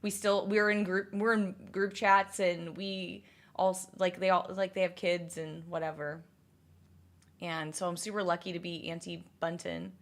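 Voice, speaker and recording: A woman's voice: lowish voice, level tone, normal speed. A young woman streaming, chatting casually and answering viewers' messages, rambling with many fillers and restarts. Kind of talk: casual livestream chat.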